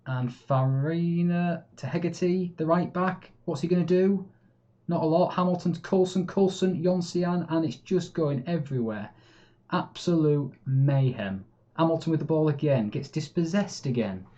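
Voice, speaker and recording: A man's voice: on the high side, moderate pace, lo-fi sound. A man commentating live on his own game, chatty and easily frustrated. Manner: chatty, swings between calm and exasperated. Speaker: gaming YouTuber.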